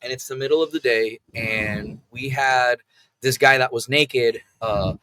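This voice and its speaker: A man telling stories from his army days in a casual, profane way, acting out the loud lines he quotes. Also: mid-range voice, a little slow, slight background noise. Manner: animated, acts out yelled quotes. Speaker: veteran telling war stories.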